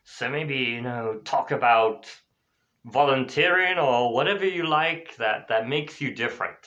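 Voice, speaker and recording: A man teaching an English class in a lively, chatty way, explaining a role-play exercise and voicing the example phrases at a higher pitch. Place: lives in Spain. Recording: dull lo-fi recording.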